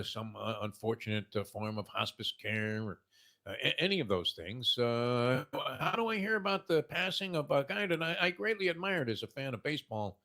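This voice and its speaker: Sixties male host, bright tense tone, meandering anecdotal delivery. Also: medium pitch. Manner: rambling storyteller, heavy "uh" fillers. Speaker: morning show host. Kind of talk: casual sports talk.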